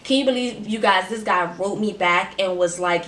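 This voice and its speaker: A woman vlogger telling a personal story in casual, slangy chat, with emphatic and animated delivery. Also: mid-range voice, normal speed, hardly any pauses. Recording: echoey room.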